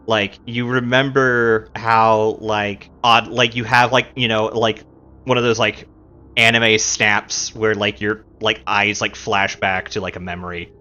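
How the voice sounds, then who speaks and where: Rambling male game master on a muffled stream mic, soft background music. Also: on the low side, flat delivery, measured pace. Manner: rambling, many fillers. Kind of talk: narrating a tabletop game. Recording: dull lo-fi sound with faint music.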